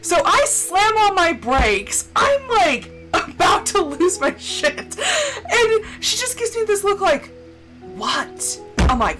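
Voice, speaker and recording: A woman's voice: extremely high pitch, wildly swooping pitch, takes it slowly, over music, low-quality recording. A woman streamer casually telling a story while gaming, swearing often and ranting with indignation.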